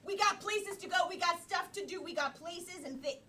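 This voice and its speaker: A woman performing in an improv comedy scene, brash and playful, fast with her lines. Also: extremely high pitch, pushed and bright, slight background noise. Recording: live crowd, mic at a distance.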